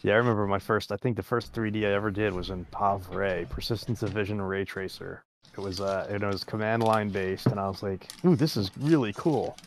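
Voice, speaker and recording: A man's voice: fairly low pitch, level tone, brisk, few pauses, background noise. A man co-hosting a casual video-call podcast, rambling and trailing off as he recalls things. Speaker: podcast co-host. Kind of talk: casual chat.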